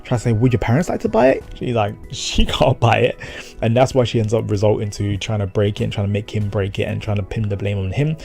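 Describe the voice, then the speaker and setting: A man with a low, gravelly, mellow voice chats through an anime episode recap. He rambles, swears casually and acts out short lines of dialogue. Soft music plays faintly under him. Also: little pitch movement. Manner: rambling, slangy, with quick acted-out quotes and swearing. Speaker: anime reviewer.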